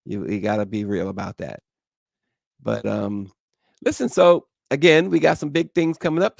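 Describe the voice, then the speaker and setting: Man, morning show host, gravelly voice, mid pitch, casual joking chat, reads viewer comments. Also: a little mellow, dry recording, studio quality. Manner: joking, loose and rambling, laughs often.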